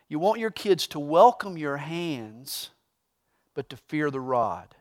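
High-voiced male preacher. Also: very animated, slow pace. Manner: emphatic preaching, swinging from loud to hushed. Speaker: pastor. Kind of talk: sermon.

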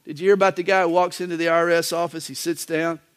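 A male pastor delivering a sermon in a folksy, joking manner, with wide swings in pitch. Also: flat delivery, fast talker, clean tone.

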